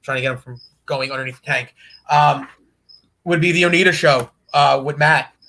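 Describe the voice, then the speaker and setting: A man guesting on a podcast, telling a profane, animated road story and laughing as he goes. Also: on the high side, normal speed, gravelly. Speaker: guest wrestler. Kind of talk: casual storytelling.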